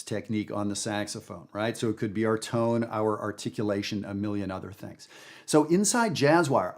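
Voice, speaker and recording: A middle-aged man teaching jazz in an online lesson, talking with emphasis and big swings in loudness. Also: medium pitch. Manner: animated, emphatic talk with wide swings in loudness.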